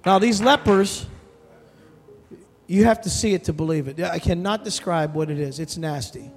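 A man preaching a sermon as pastor, telling a story with animated, emphatic delivery and calling out to the congregation. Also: high voice, normal speed. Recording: long hall reverb with soft music behind.

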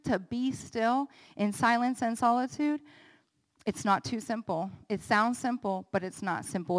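A woman's voice: mid-range voice, big-room sound. A woman in her thirties preaching an earnest, emotional testimony and leading a prayer. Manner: earnest, emotional, builds to fervent peaks.

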